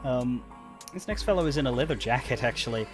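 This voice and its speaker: Casting: male game master, mid-pitched, halting narration, music underneath. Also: lively intonation. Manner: rambling, many restarts and fillers.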